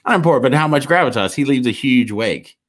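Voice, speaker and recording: A man co-hosting a casual podcast, retelling stories in a rambling, animated way with lots of restarts. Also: mid-range voice, quick pace. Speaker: podcast co-host. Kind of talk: casual chat.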